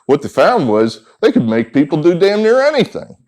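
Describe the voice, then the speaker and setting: A man's voice: fairly high pitch, very animated, moderate pace, darkish tone. A man, a sports handicapper, giving an indignant, sarcastic opinion monologue and acting out the people he quotes. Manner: indignant, acts out quoted voices.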